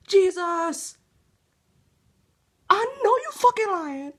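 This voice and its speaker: A woman vlogging casually from a room indoors, dramatic and cursing, swinging between loud outbursts and whispers. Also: a little high, big pitch swings, moderate pace, breathy edge. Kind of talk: casual vlog.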